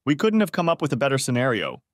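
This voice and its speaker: A man narrating an audiobook, voicing a manipulative male lover in a low, curt voice. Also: huge pitch swings, fast, dry recording, clean studio sound. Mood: scheming.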